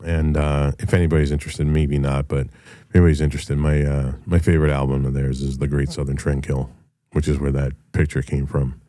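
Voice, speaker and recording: Middle-aged man, very deep and dark voice, dry sound, blunt and profane solo talk. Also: little pitch movement, fairly quick, no echo. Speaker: show host and rock musician. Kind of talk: casual solo monologue.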